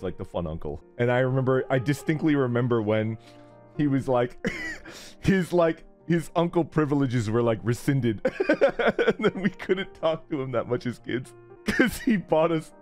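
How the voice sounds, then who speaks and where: A man's voice: medium pitch, animated, moderate pace, darkish tone, faint music behind. A man chatting casually as a streamer, rambling with lots of fillers and frequent laughter. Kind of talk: casual chat.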